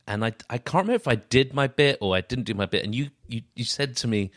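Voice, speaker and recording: A man hosts a podcast conversation in a medium-pitched voice, thinking aloud and often restarting his sentences. His voice sounds dry and close, with no room echo. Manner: reflective, halting with restarts. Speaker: podcast host and magician.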